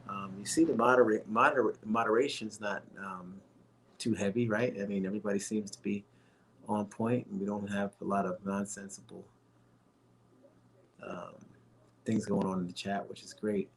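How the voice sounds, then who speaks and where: A man's voice: lowish voice, slight background noise. A man hosting a casual livestream, rambling in a friendly way with many fillers and restarts, and calling his viewers folks. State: a little winded and tired. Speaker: livestream host.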